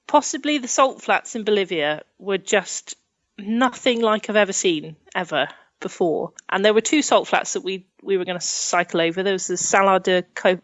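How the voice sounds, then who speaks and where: A woman's voice: mid-range voice, no echo, highs cut off. A young woman from England telling travel stories in a chatty way. She laughs often and acts out the things people said. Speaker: podcast guest, adventurer. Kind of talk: casual storytelling in an interview.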